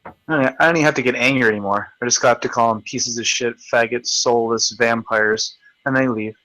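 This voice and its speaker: A man's voice: medium pitch, steady tone, brisk, sharp tone, no room sound, rough recording. Profane, taunting male stream host. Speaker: livestream host. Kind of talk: ranting live video chat.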